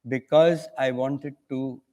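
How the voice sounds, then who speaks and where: Older indian man on a panel, talks slow, acts out the other guy's lines while telling a story. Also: medium pitch, fairly even intonation, darkish tone. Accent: Indian English. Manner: acts out dialogue in an anecdote. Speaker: author and conference guest.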